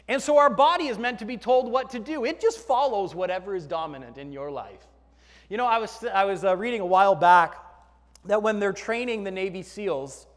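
A man's voice: high-pitched, a bit bright, long reverb tail. A man preaching a sermon to his congregation in a conversational way, joking with the people in the pews. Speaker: pastor. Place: church sanctuary.

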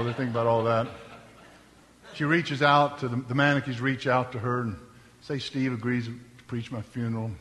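A man preaching a sermon, folksy and joking, dropping to hushed storytelling and then rising to loud exclamations. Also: mid-range voice, long reverb tail. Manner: folksy, humorous asides. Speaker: pastor. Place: church sanctuary.

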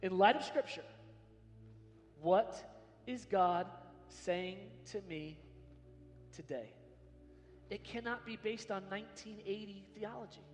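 A man preaching a sermon as pastor, swinging from hushed lines to shouted emphasis in a large church hall. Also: high-pitched, expressive, takes it slowly, pauses often, soft background music. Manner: dramatic swings from soft to shouting. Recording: long hall reverb.

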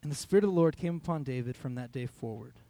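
A man's voice: medium pitch, quick pace, dark tone. A young man, a youth pastor, giving a conversational sermon in a church hall, telling a personal story and quoting his own thoughts.

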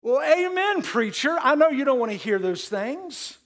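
A man's voice: very high-pitched, big pitch swings, moderate pace, a bit bright. A man preaching a sermon to his congregation, talking in a conversational way and repeating words for emphasis. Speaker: pastor.

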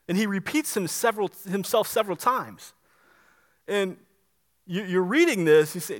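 A man with a high voice preaches a sermon. He talks to the congregation conversationally but hits his points with emphasis and keeps asking rhetorical questions. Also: expressive, normal speed, fairly bright tone. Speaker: pastor.

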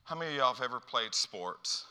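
A man's voice: mid-range voice, expressive, fairly quick, pushed and bright, smooth. A man preaching a sermon as a pastor, telling stories and acting out dialogue with lots of repeated phrases. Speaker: youth pastor. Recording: long hall reverb.

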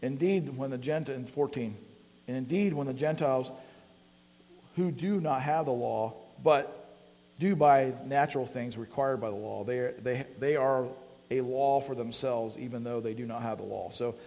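A man delivers a sermon in a casual way, full of fillers, before rising to emphatic peaks. His pitch is an ordinary middle register with a darkish tone, and a long reverb trails after him as if in a church hall.

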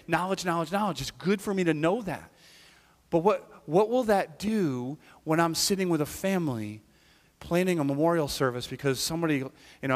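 Male pastor with a high voice, conversational preaching style, reverberant church hall. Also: a bit bright. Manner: conversational preaching, frequent "right?" tag questions. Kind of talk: sermon.

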